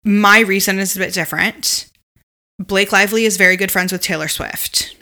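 A woman's voice: medium pitch, fairly even intonation, moderate pace, sharp tone. A woman co-hosting a podcast, chatting casually and reacting eagerly with many exclamations. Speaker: podcast co-host. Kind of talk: casual chat.

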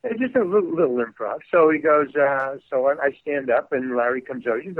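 A man's voice: medium pitch, brisk, no room sound. A man telling a story in casual chat, stammering and restarting as he acts out the quotes. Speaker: guest actor telling a story. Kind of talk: casual anecdote, animated. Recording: dry, phone-like narrow sound.

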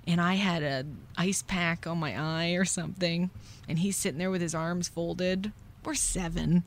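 A woman's voice: on the low side, steady tone. A young adult woman hosting a podcast, telling a confessional story in a candid, rueful way. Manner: candid, rueful, acts out voices in quick whispers and shouts. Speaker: podcast host.

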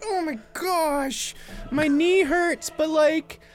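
A man's voice: very high-pitched, voice pushed up. A man doing a whimpering hurt little boy. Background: music playing.

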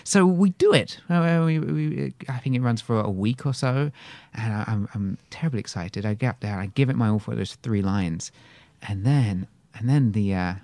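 A man in his forties with an English accent, an actor telling a story in a casual chat, halting with many repeated starts. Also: fairly low pitch, a little mellow, no room sound. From England. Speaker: actor guest.

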